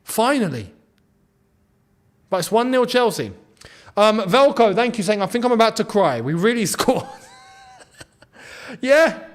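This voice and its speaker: A man hosting a live football watchalong, talking through the match and shouting when something big happens. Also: high voice, measured pace, long pauses. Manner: excitable, swings between muttering and shouting at goals.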